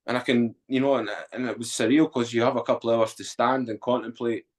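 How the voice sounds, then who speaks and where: A man's voice: mid-range voice, steady tone, fast talker. A man, a podcast guest telling his story candidly and bluntly, swearing freely.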